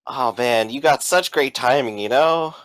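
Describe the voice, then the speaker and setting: A man's voice: mid-range voice, measured pace, a bit bright, no echo. A man voicing a cocky male getaway robber who shrugs everything off. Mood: breezy. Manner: breezy, glib, dismissive.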